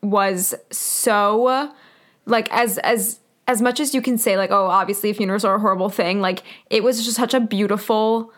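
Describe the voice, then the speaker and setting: A woman's voice: mid-range voice, steady tone, normal speed. A young woman co-hosting a podcast in casual chat, talking loosely with lots of fillers and laughing often. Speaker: podcast co-host.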